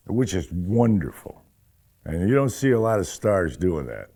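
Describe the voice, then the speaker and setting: A man's voice: low voice, big pitch swings, moderate pace, dark tone. A man, a stage actor, casually recounting an anecdote, rambling with restarts. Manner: rambling storyteller with many restarts. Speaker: actor recalling an audition.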